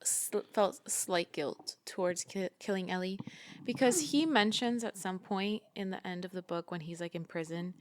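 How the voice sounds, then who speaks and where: A woman's voice: on the low side, moderate pace, slight background noise. Chatty woman retelling a plot. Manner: chatty, retells the plot with many "like"s and acted quotes. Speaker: podcast co-host. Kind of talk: casual book discussion.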